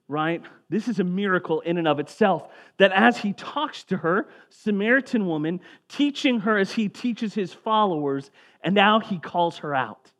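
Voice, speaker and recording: A pastor delivers a sermon in a relaxed, conversational manner at moderate pace, his voice sinking low and quiet whenever he reads scripture aloud.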